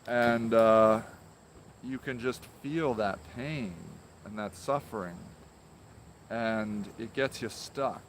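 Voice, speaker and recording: A man hosting a casual talk to camera in a garden, speaking gently and haltingly with many ums. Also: medium pitch, slight background noise. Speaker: host. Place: outdoor garden.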